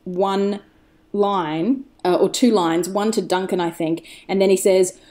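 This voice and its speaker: A woman's voice: medium pitch, steady tone, a little slow, noisy background. A woman talking as a podcast guest, chatty and enthusiastic, wandering off on tangents as she tells the story. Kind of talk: casual chat.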